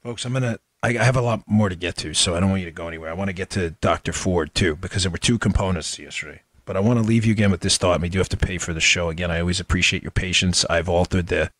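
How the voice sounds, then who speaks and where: A man's voice: deep voice, fast, few pauses, a bit bright, dry recording. A man hosting a political talk show, delivering an impassioned monologue full of mocking rhetorical questions. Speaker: political commentary host.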